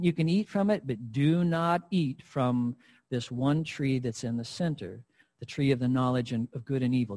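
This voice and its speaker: A man preaching a sermon who voices God as a solemn, commanding male figure giving a warning, with a husky voice. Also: a little high, dark tone, pitched below the performer's own voice.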